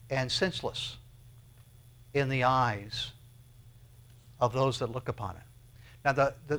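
A man's voice: mid-range voice, fairly bright tone. A man preaching a verse-by-verse Bible sermon in a conversational way, often repeating words, restarting phrases and asking the listeners questions. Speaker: pastor.

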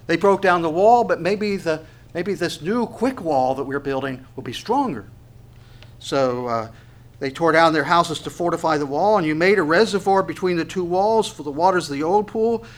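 A man's voice: fairly high pitch, expressive, normal speed. A male pastor giving a conversational Bible teaching, full of fillers and restarts, with wry asides and sharper emphatic bursts on key points.

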